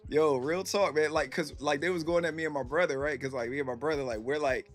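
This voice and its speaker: A man's voice: on the high side, steady tone, fast talker, soft background music. A man from Virginia chatting casually on a live stream. He rambles with plenty of fillers and laid-back slang.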